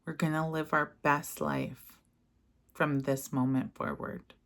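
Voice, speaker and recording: A woman leading a guided mirror-work lesson, speaking gentle, soothing affirmations. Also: deep voice, little pitch movement, slow, vocal fry. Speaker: self-help guide.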